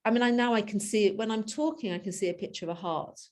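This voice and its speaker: A woman, thinking aloud in a coaching session. She talks in loose, searching bursts, breaks off mid-thought and laughs easily, at an ordinary middle pitch. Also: fast talker, a little mellow. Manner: chatty, laughs often, trails off and restarts. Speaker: coaching client. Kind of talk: reflective conversation.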